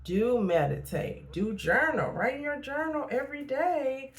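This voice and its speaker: A woman's voice: high voice, measured pace. A middle-aged woman, a therapist and life coach, talking frankly in a casual motivational vlog and repeating points for emphasis.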